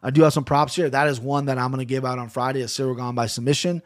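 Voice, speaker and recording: A man of medium pitch and level tone talks fast as he hosts a casual fight-picks podcast, rambling in a laid-back, self-deprecating way. The sound is dry and clean like a studio, picked up by a podcast mic on camera.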